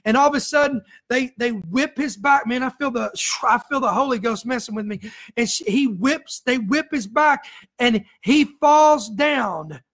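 A woman's voice: a little high, moderate pace, fairly bright tone. A woman preacher delivering an emotional sermon, full of fervent, repeated exhortations to the congregation.

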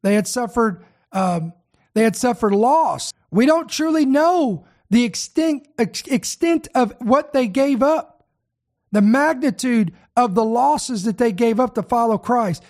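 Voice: mid-range voice, lively intonation, unhurried, a little mellow. Preacher, sermon, earnest, repeats key words, speaks straight to the listeners.

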